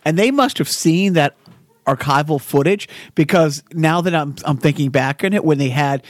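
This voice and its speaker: A man's voice: fairly high pitch, normal speed, no echo. A man co-hosting a casual podcast chat, chatty and enthusiastic. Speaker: podcast co-host.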